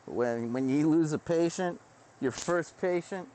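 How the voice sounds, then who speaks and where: A man voicing a weary, world-worn male doctor who talks in a low, heavy, confiding way. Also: measured pace, noisy background, close to an everyday voice. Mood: grave.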